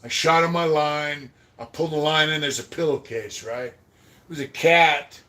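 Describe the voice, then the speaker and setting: Casually recounting prison life, this podcast host rambles and swears, pausing to thank viewers for super chats, and his words sometimes trail off quietly. He speaks on the high side in a steady tone at a moderate pace.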